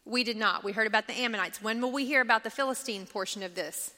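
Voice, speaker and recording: A woman's voice: on the high side, quick pace, pushed and bright, big-room sound. A woman teaching a Bible study class, reading scripture aloud and asking the group questions as she goes. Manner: engaging, asks the class questions.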